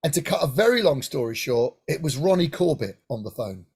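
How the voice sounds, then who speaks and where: A middle-aged man from Hampshire, England, telling lively stories in an interview and often checking in with "right?". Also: mid-range voice, a little fast, slightly rough. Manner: animated anecdotal, frequent "right?" asides. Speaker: guest singer-songwriter. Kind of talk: casual interview storytelling.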